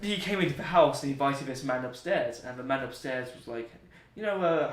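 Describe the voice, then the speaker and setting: A man's voice: mid-range voice, lively intonation, brisk. A young man, an interview guest, telling rambling, joking stories full of slang. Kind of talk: anecdotal storytelling. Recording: roomy, distant mic.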